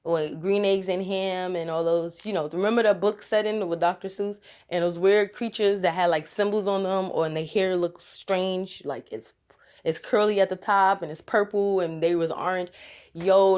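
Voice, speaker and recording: A woman telling a rambling, casual story to her viewers, laughing often and restarting her sentences. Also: medium pitch. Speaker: vlogger.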